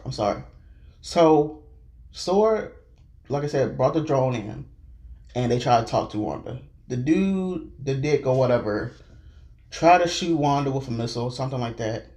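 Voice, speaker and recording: A man giving an excited, rambling and scattered casual recap, talking loosely and jumping around. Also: mid-range voice. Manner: loose, filler-heavy talk with restarts. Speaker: show recap vlogger.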